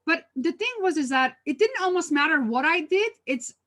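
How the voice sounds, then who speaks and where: A woman's voice: very high-pitched, lively intonation, normal speed, a bit bright. A woman presenting a live workshop over a video call, talking conversationally with many fillers and restarts, telling stories from her own work.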